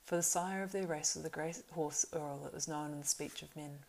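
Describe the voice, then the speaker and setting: Brief: proud young male horse-lord, as a woman reads him; earnest, urgent; low, gravelly voice. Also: steady tone, brisk, a little mellow, poor audio. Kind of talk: audiobook reading.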